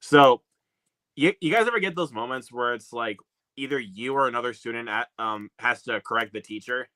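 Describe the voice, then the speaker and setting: This is a man at medium pitch and moderate pace, his tone pushed and bright, recorded without room sound. As host of a video call hangout, he keeps the chat casual, laughing a lot and hesitating with fillers.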